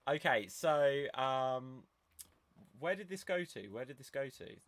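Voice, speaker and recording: A man's voice: medium pitch, animated, measured pace, a bit bright. Man hosting a casual podcast. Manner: steers the talk with questions, hesitant fillers. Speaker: podcast host.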